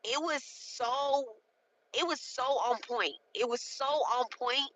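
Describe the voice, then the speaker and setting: A spiritual content creator in her late thirties gives a casual spoken walkthrough of a ritual, chatty and emphatic, leaning hard on her points and often checking in with "okay?". Her high, bright, forward voice is frank and conversational, and she takes it slowly. There's no echo, but the audio is poor.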